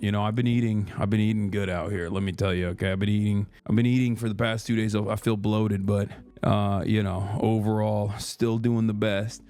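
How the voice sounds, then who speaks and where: Profane, animated man telling stories. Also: lowish voice. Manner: profane, animated storytelling with many fillers. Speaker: livestreamer. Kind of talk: casual stream chat.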